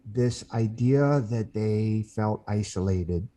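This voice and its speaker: Speaking on a podcast as a guest author, a man with a mellow, somewhat low voice recounts a story with sincerity. He performs the quoted voices, yet his delivery is halting, full of restarts.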